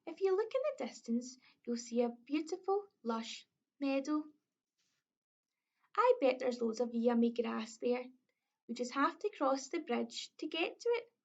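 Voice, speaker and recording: A woman's voice: high voice, animated, measured pace, vocal fry, heavily acted. A woman with a Scottish accent voicing the biggest billy goat, a brave eldest brother, in a big confident voice. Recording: dull lo-fi recording.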